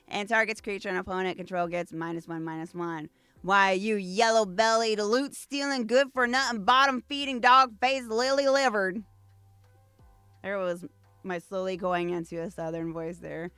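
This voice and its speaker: A woman's voice: medium pitch, fairly bright tone, clean tone, no room sound. A woman hosting a casual unboxing video, reading card text aloud between gushing asides. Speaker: VTuber host.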